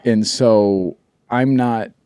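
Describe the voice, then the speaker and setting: A man's voice: on the low side, steady tone, drawn-out words, dark tone, clean tone, no room sound, studio quality. A man co-hosting a podcast, speaking earnestly and reflectively, often hesitating and restarting his sentences. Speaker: podcast co-host. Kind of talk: casual chat.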